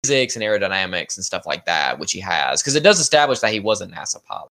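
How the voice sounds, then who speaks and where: A man co-hosting a casual film review podcast, talking in an animated, opinionated way with frequent "like". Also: deep voice, fast. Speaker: podcast co-host.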